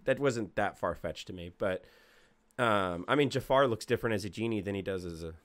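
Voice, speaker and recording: This young podcast co-host speaks fairly quickly in a fairly low voice, with no room sound. His talk is casual and rambling, heavy on fillers.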